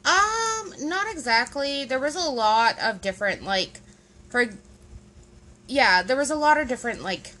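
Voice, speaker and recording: A woman's voice: sits high, expressive, unhurried, pushed and bright, poor audio. A woman co-hosting a casual podcast, explaining things patiently with lots of "like" and "right?" checks. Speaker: podcast co-host.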